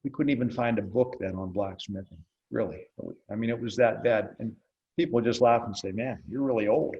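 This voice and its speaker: A man's voice: lowish voice, fairly even intonation, brisk, a little mellow, highs cut off. An older man, an interviewed blacksmith, telling stories in a wry, folksy way, acting out the dialogue. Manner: folksy, wry storyteller who acts out dialogue. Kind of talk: relaxed storytelling in an interview.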